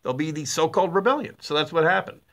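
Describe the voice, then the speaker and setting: A middle-aged man hosting a talk radio show, with a blunt, sarcastic and animated way of talking, full of fillers and restarts. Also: fairly high pitch, fast talker. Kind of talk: opinionated talk radio monologue.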